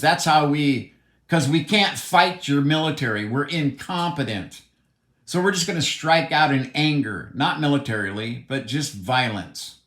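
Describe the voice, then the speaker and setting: A man's voice: a little high, animated, normal speed, fairly bright tone. Blunt, heated man in a roomy space. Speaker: commentator. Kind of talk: opinionated monologue. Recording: roomy echo.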